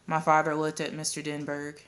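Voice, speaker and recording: A woman reading a children's novel aloud at a steady pace, with occasional coughs and restarts. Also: sits low, brisk, a little hiss or hum. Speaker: audiobook reader.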